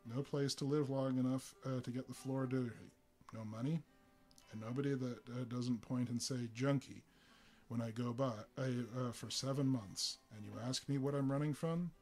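Troubled defensive young guy, read by a man, mid-pitch, restless, rambling. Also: moderate pace, darkish tone, soft background music, lightly acted. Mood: weary despair.

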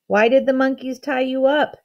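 A woman's voice: sits high, steady tone, moderate pace, muffled recording. A woman voicing a kind, brave young girl who asks earnest, curious questions in a storybook read aloud.

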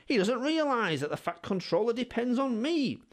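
A bossy little tank engine with a raised boyish voice, always in a hurry and quick to scold. A man acts him out for a storybook. Plenty of bounce in the pitch. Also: very animated. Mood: impatient. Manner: impatient, scolding. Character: cross impatient young tank engine, boyish.

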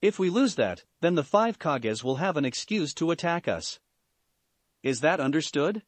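A stern woman leader giving firm orders, as a man puts her on in a story reading. The delivery is lively and rises and falls, and the sound is dry and close. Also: a little high, normal speed, dry recording. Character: woman leading a group, stern and commanding.

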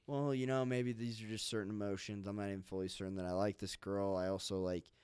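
A man hosts a podcast in a rambling, easygoing way, leaning on "like" as he works through his thoughts. His voice sits low and smooth, heard close and dry. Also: level tone, quick pace, a little mellow, dry recording. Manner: rambling, laid-back, says "like" a lot. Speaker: podcast host. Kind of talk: casual podcast chat.

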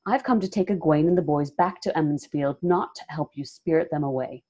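A woman voicing a proud young village wise woman who answers with sharp, indignant retorts. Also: lowish voice, animated, normal speed, breathy edge.

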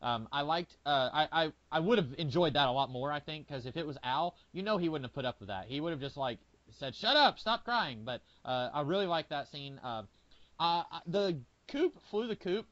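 Brisk and a bit bright, a man's mid-range voice runs with few pauses as he co-hosts a podcast. The casual TV chat is easygoing and hesitant, thick with fillers, captured in muffled lo-fi audio.

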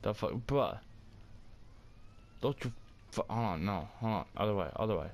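A young man giving casual gameplay commentary, loud, excitable and cursing heavily, quick to get angry. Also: lowish voice, a little hiss or hum. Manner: loud, excitable, heavy cursing, hot-tempered. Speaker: gaming streamer.

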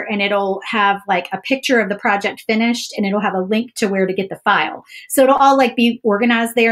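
Recorded through an overhead camera setup with slight background noise, a crafting channel host chats casually during a live stream at her table. Her mid-range, slightly bright voice rambles along, full of fillers.

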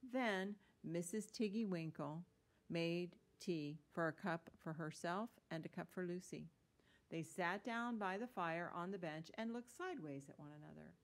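A woman reading a children's story aloud in a gentle, unhurried storytelling manner. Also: fairly low pitch.

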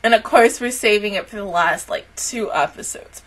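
A woman's voice: medium pitch, moderate pace, fairly bright tone. A young woman hosting an anime reaction channel, talking casually and emotionally, swearing often as she reacts.

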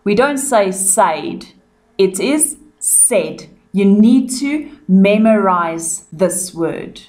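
A South African woman teaching young children, pronouncing words clearly and repeating them in a revision lesson. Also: mid-range voice, animated, takes it slowly, a little mellow.

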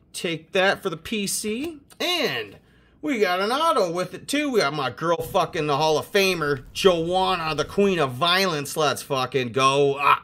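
A young man hosting a casual card-opening video, excitable and swearing constantly as he hypes each card. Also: sits high. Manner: profane, excitable, hyped. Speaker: host opening sports cards.

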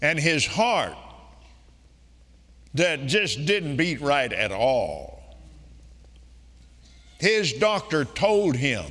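High, bright older preacher in a hall. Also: male voice, very animated, drawn-out words, long pauses. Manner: retells a testimony in quotes, rising and emphatic. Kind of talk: sermon storytelling. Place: large meeting hall. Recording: long reverb of a large hall.

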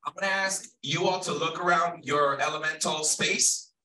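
A man leading a group activity at an event, energetic and playful as he calls out to the crowd. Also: fairly high pitch, moderate pace, recorded from a distance, low-quality recording. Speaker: workshop facilitator. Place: large event hall.

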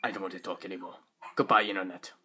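A sulky little robot droid grumbles in a stiff, formal way, as a man puts him on. The voice sits a notch lower and quieter than an everyday speaking voice, and every complaint comes out grudging and clipped. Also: little pitch movement, quick pace.

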